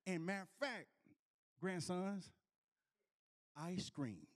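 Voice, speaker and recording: A male preacher with a notably high voice, preaching through a personal story. He restarts his phrases again and again and keeps checking in with the congregation. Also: animated, slow pace. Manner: repetitive restarts, calls out to the congregation. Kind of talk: storytelling sermon.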